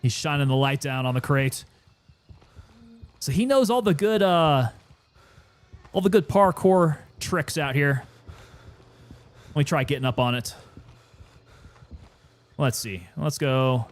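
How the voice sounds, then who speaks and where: Relaxed male streamer, slightly higher voice. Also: slow, long pauses. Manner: relaxed, chatty, sometimes winded. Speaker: gaming streamer. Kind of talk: casual gameplay commentary.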